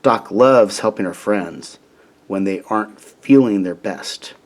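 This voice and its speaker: A man reading a children's storybook aloud in a gentle, deliberate way. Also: fairly low pitch. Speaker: storybook reader.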